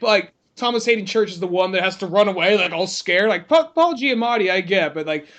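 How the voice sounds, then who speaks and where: High-voiced man, joking around. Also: lively intonation, brisk, fairly bright tone. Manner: loose, joking, laughs between lines. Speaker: podcast co-host. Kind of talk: casual chat about movies.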